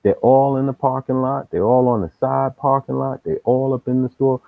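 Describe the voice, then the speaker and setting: A man's voice: mid-range voice, level tone, normal speed, gravelly, no echo. A man hosting a live stream, telling street stories casually in slang and acting out the people he quotes. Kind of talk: casual storytelling. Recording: tinny phone-like dry sound.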